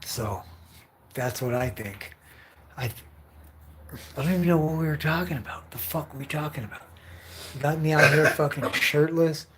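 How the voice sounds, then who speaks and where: A man's voice: on the high side, normal speed, long pauses, noisy background. A young man livestreaming from home, rambling on in a loose, profane rant full of fillers.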